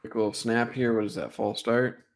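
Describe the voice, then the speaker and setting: A young man casually breaking down football film on a live stream, excitable and full of fillers like "like" and "right?". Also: medium pitch, moderate pace.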